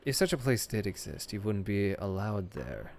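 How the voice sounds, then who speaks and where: A man voicing a prim, evasive middle-aged woman librarian who talks in a hushed, patronizing way. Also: on the low side, very animated, moderate pace, a little hiss or hum. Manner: hushed, patronizing, calls people dearie.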